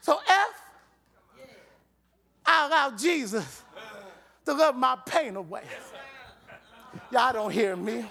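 A man preaching a sermon in a church, shouting and drawing the congregation into call-and-response. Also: extremely high pitch, animated, takes it slowly, vocal fry, long pauses, some chatter behind.

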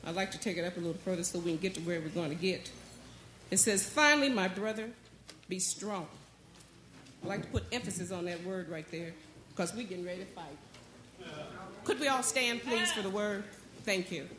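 A woman preaching a sermon as a guest speaker in church, calling out to the congregation and building toward near shouting. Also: fairly low pitch, brisk. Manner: call-and-response preaching, rising to near shouting. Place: church sanctuary. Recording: echoey church hall.

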